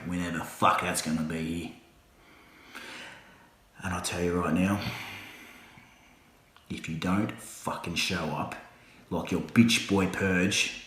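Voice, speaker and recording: A man's voice: low-pitched, echoey room. A man cutting an angry, swearing wrestling promo, full of threats. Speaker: backyard wrestling promo talker.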